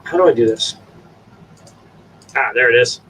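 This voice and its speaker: A man hosting a casual stream and giving his dogs coaxing commands, jumping to high sing-song calls. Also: normal speed, a bit bright. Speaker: stream host. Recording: distant from the mic. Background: dogs, faint room noise.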